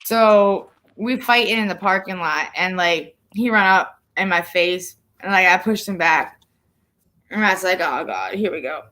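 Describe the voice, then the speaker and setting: Bright-voiced woman, blunt and profane. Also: on the low side, measured pace. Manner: blunt, profane, animated storytelling. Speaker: co-host of a couple's livestream Q&A. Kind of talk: casual chat.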